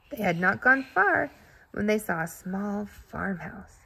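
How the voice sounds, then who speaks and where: A woman reading a children's storybook aloud in an expressive, playful way. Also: medium pitch, takes it slowly, gravelly, husky.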